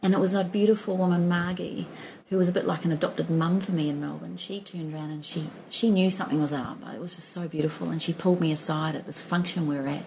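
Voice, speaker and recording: A woman's voice: on the low side, fairly even intonation, quick pace, gravelly, mellow, a little hiss or hum, rough recording. A middle-aged woman telling her own story as a podcast guest, chatty and laughing, with many restarts and fillers. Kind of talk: storytelling in a conversational interview.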